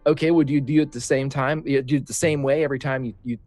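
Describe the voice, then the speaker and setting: A man who runs tabletop games, telling animated stories and giving casual tips. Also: medium pitch, fast talker, no echo, faint music behind. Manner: animated storytelling, laughing.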